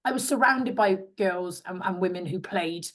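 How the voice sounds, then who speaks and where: A woman's voice: fairly low pitch, moderate pace. A woman in her twenties from England, a former rugby player chatting as a podcast guest and acting out what others said to her. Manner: chatty, acts out quoted voices. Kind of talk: casual interview chat.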